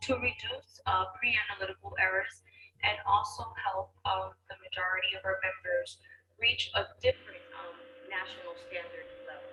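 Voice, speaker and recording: A woman's voice: medium pitch, fairly even intonation, normal speed, reverberant, noisy background. A woman, a director of continuing education, politely introducing a speaker in a formal webinar.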